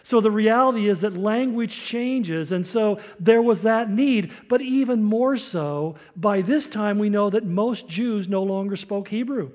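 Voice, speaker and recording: A man's voice: high-pitched, measured pace, hardly any pauses, darkish tone. An older man preaching a sermon, explaining scripture in a teaching tone with storytelling asides. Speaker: pastor.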